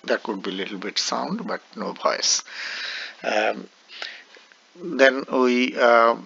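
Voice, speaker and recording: A man's voice: mid-range voice, animated, slow, creaky, pushed and bright, lo-fi sound, slight background noise. A man lecturing on speech production, explaining step by step with frequent "right?" checks.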